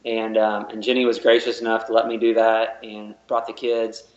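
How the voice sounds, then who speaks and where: A man's voice: on the low side, monotone, brisk, hardly any pauses. A man guest on a podcast, telling a story in a loose, rambling way, with repeated words and lots of fillers. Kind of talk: casual interview storytelling. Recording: roomy and dull, lo-fi.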